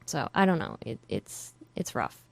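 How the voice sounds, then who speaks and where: Woman podcast co-host, frank and chatty, lower voice, dry close sound. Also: big pitch swings, unhurried, creaky, dry recording. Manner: chatty, frank, laughs easily. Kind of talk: casual chat.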